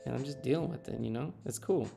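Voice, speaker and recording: A man's voice: medium pitch, fast, vocal fry, over music. A man in his thirties chatting casually on a game live stream, telling a story and laughing at himself. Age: 30s.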